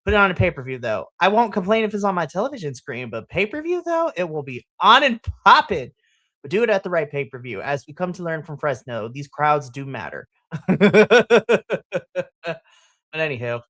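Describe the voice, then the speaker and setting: Animated woman co-host, playful. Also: low voice, normal speed, no room sound. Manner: animated, laughing, playful emphasis. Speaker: podcast co-host. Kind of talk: casual wrestling chat.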